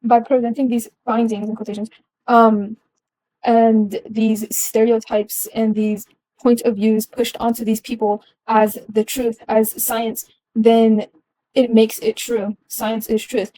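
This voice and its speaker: A woman's voice: fairly high pitch, level tone, slow, warm tone, dry recording, low-quality recording. A young adult woman giving a casual explanatory talk, earnest, with frequent ums and restarts.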